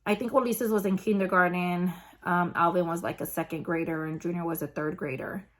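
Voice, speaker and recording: Speaking in a lowish voice with a steady tone, this woman vlogger recounts something personal. She talks casually and haltingly, stumbling through many fillers and fresh starts.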